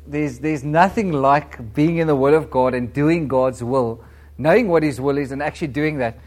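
A man, probably in his thirties, preaching in a church and leading a prayer, speaking in a conversational style with a self-described flat accent. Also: on the high side, moderate pace. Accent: non-British English, self-described flat. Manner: warm, conversational preaching with laughs and audience questions. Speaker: guest preacher. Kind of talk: sermon and prayer.

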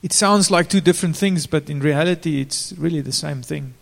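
A man's voice: fairly high pitch, fairly quick, vocal fry. A man preaching a sermon in an informal way, turning to the congregation with direct questions. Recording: long reverb of a large hall.

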